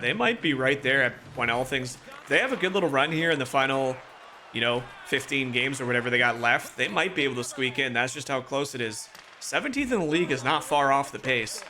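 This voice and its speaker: A man's voice: mid-range voice, brisk, pushed and bright, slight background noise. A man from Toronto, Canada, streaming a hockey video game and calling the play-by-play with chatty asides. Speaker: gaming streamer.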